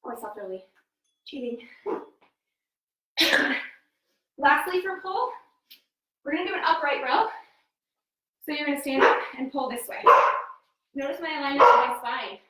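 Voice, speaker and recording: A woman's voice: high voice, pushed and bright, distant mic. A woman fitness coach, a bit winded, giving upbeat form cues while exercising at home. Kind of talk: live workout instruction. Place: home room. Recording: echoey room, voice from off-mic.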